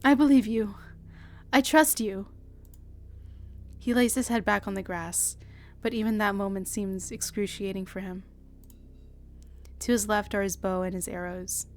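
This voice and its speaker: A young woman streamer reading a visual novel aloud, with dramatic, shouting outbursts and laughing reactions. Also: medium pitch, fairly even intonation, unhurried, pauses often, a little hiss or hum. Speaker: virtual streamer.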